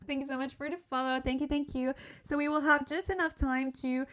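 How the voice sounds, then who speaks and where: A woman's voice: high-pitched, fairly even intonation, a little fast, fairly bright tone. A young woman, not a native English speaker, teaching a casual live-streamed language lesson at a desk mic, chatty and laughing often as she reads the chat. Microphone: desk microphone.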